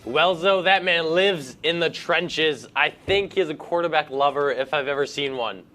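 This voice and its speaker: A man's voice: a little high, moderate pace, bright, forceful tone, soft background music. A man co-hosting a student sports show, making dry, joking remarks. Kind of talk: presenting sports segments.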